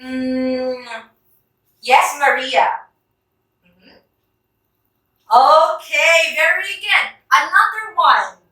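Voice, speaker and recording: Filipino lady teaching a class, slow and high, checks if everyone gets it, far mic in a big echoey classroom. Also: sharp tone. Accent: Filipino English. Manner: calls on students by name, checks understanding often.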